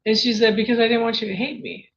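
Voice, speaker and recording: A woman's voice: a little high, steady tone, fast. A woman on a livestream telling an emotional family story, rambling with many restarts and fillers. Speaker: livestream host. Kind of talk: personal storytelling. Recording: dull lo-fi livestream audio with faint noise.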